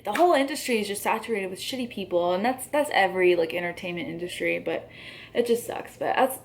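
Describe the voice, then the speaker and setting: A woman in her twenties vents frankly to her vlog audience, with a gravelly, fry-heavy voice and plenty of "um" and "like." Her talk sounds agitated but casual. A faint hiss sits under the recording. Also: medium pitch, fast talker. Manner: frank, agitated, with frequent fillers. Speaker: YouTuber.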